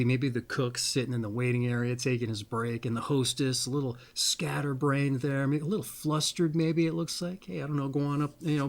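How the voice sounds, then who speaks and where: A man hosting a casual monologue, rambling in a folksy way and repeating pet phrases. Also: mid-range voice. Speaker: astrology video host.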